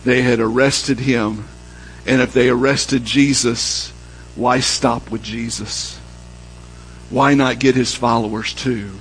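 A man preaching a sermon, telling a story and dropping low and soft when he quotes the people in it. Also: steady tone, slow pace, a little hiss or hum, low-quality recording. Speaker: pastor.

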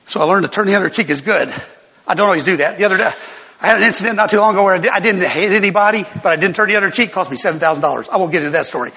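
An older man preaching a sermon, telling folksy stories with sudden loud outbursts. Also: sits high, very fast, slight background noise. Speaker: pastor. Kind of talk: sermon storytelling. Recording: long hall reverb.

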